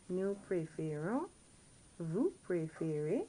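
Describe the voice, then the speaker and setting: Slow, patient woman teaching. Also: sits low, background noise. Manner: slow, patient drilling with self-corrections. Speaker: French teacher. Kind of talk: recorded classroom lesson.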